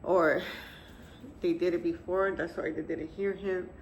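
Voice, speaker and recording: A woman in her fifties, a grieving mother, telling the story of her son's death to camera in a soft, halting, tearful way. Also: fairly low pitch, fairly even intonation, lo-fi sound, slight background noise. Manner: soft, halting, tearful retelling with quiet pauses. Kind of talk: emotional personal testimony to camera.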